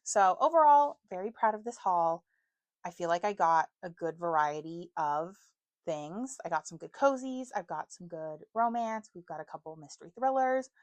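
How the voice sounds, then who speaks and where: A woman's voice: fairly low pitch, lively intonation, moderate pace, no room sound. A woman in her twenties chatting casually to camera about books, self-mocking and stumbling over words now and then. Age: 20s. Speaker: book vlogger.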